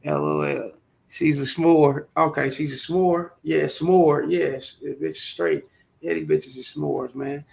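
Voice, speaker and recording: A man's voice: on the high side, animated, a little slow, gravelly. A man in his forties telling a rambling, profane, slangy story straight to the camera. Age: 40s. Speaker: vlogger. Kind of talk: casual storytelling monologue.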